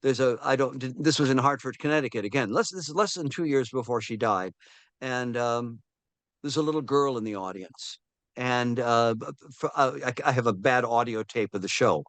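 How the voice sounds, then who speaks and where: A film historian in his seventies tells stories animatedly in a casual interview, acting out quoted voices and often restarting and using fillers. His medium-pitched voice moves at normal speed on a dry recording.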